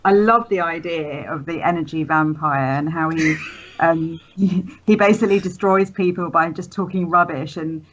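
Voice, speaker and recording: A woman's voice: fairly low pitch, moderate pace, fairly bright tone, muffled recording, a little hiss or hum. A woman in a casual review chat, chatty and hesitant.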